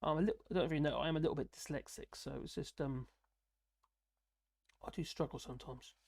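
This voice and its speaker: A man's voice: on the high side, fast talker, gravelly, a little mellow, no room sound, studio quality. A man chatting casually on a live stream, rambling with lots of fillers and restarts, tired and slurring a little. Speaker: political commentary streamer.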